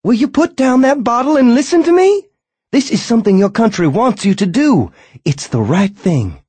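Bitter, shrill young wife, pitched up high by a male narrator, husky edge, dry sound. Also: huge pitch swings, normal speed, dark tone, no room sound, exaggerated voice. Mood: screaming. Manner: pleading, then sarcastic and shrill. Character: a man's wife, a young adult woman, pleading and bitter.

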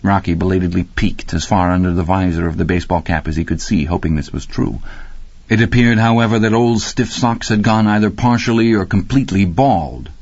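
Low-voiced man narrating an audiobook. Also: fairly quick, darkish tone, no room sound. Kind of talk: scripted narration. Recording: dry, slightly muffled recording.

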